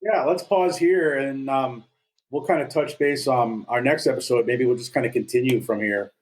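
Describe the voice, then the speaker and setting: A man's voice: mid-range voice, moderate pace, rough recording. A man around fifty from North Dakota, co-hosting a podcast in casual chat, telling stories in a jokey, self-deprecating way. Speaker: podcast co-host.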